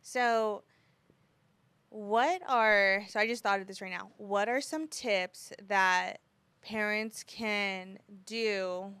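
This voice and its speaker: A woman's voice: medium pitch, steady tone, slow, clean tone, no room sound. A woman who is a parent, hosting a podcast and speaking in an earnest, supportive way. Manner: warm, emotional, supportive listener. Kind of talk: casual podcast conversation.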